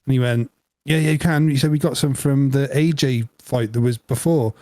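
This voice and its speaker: A man co-hosting a podcast, telling an animated story through laughter in casual chat. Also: medium pitch, brisk, no room sound. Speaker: podcast co-host.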